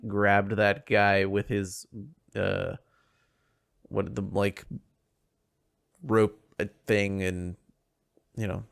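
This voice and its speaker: A man co-hosting a podcast, talking in a loose, rambling way with restarts and animated asides. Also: on the low side, creaky, no room sound, studio quality. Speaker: podcast co-host. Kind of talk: casual chat.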